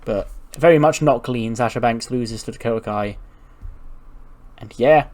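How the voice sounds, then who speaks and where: A man's voice: mid-range voice, measured pace, a little mellow. A man hosting a gaming channel, narrating a let's-play in a rambling, casual way, swearing freely and laughing.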